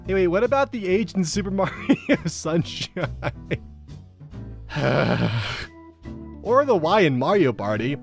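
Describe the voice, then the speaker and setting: A man's voice: sits high, big pitch swings, takes it slowly, creaky, long pauses, faint music behind. An American man hosting, reading funny posts aloud in a casual comedic way, often breaking into laughter.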